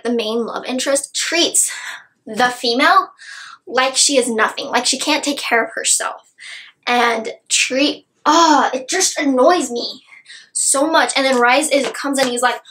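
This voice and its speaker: A woman's voice: high-pitched, a little slow, a bit bright, rough recording. A woman gushing about a book she loved in a casual, rambling review, full of "like" and asides.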